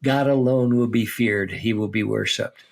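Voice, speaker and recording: A seminary teacher on a podcast walks through a book of the Bible step by step in a conversational teaching style. His voice sits on the low side with vocal fry, at a normal speed. He reads passages aloud and checks in with his listener using "okay?" and "right?"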